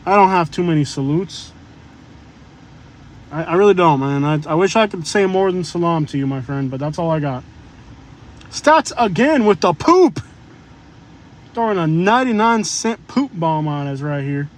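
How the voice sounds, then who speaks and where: A man with a notably high voice talks to his livestream audience while in a car. He drifts from topic to topic in a loose, joking, chatty way. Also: lively intonation, a little slow, long pauses. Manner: rambling, joking, chatty asides to viewers. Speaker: live-stream vlogger. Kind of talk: casual live-stream chat.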